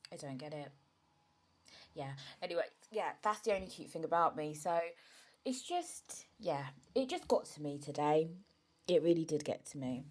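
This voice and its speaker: A young woman talks through a candid solo podcast in a slightly low, chatty voice. She speaks frankly and often checks in with her listener. An emotional edge runs under her words today. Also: big pitch swings, moderate pace, a little mellow. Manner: frank and chatty, often asks "do you know what I mean". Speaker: podcast host.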